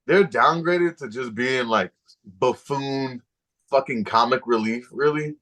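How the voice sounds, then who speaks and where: A man co-hosts a relaxed podcast conversation in an easygoing, slangy manner. He keeps tossing in casual filler and street phrasing as he talks things through. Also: mid-range voice, measured pace. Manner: laid-back slangy talk, often saying "bro" and "you know what I'm saying". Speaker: podcast co-host. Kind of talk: casual movie-talk chat.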